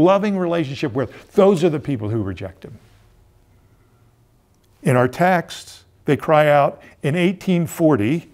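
A man preaching a sermon as pastor, stressing lines hard and then dropping low. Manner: emphatic, repeats words, swings between loud stresses and quiet drops.

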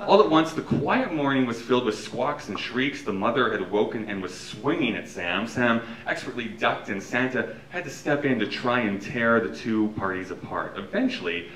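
A man hosting a live show and reading a story, talking in a relaxed way with fillers. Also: medium pitch, moderate pace, slight background noise. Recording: echoey room from far off.

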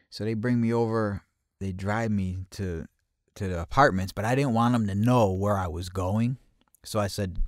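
A man's voice: fairly even intonation, moderate pace, no echo, clean studio sound. A man telling a personal story in casual first person, cursing freely and often restarting his sentences. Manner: profane, with frequent restarts and repeated words; grows louder and higher at tense moments.

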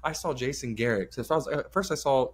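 A man co-hosting a podcast, chatting casually and telling loud, profane stories with big animated swings. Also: medium pitch, fast, husky. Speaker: podcast co-host. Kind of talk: casual chat.

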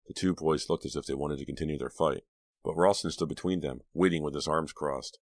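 A man narrating an audiobook in a steady, measured storytelling manner on a close mic. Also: a bass voice, dry recording. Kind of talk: scripted narration.

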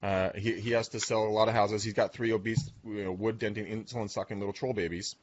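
A man's voice: on the low side, steady tone, quick pace, highs cut off. A man hosting a podcast, crude and joking as he sets up a question for his co-host. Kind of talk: casual podcast chat.

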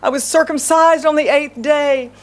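Woman doing boastful self-righteous pharisee guy, high strained voice, odd altered timbre, sermon retelling. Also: steady tone, normal speed, lightly acted. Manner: boastful, emphatic.

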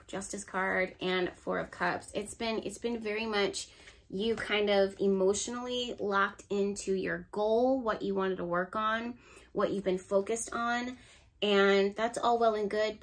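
A woman giving a casual tarot reading to camera, chatty and encouraging, talking straight to her viewers. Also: medium pitch. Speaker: tarot reader.

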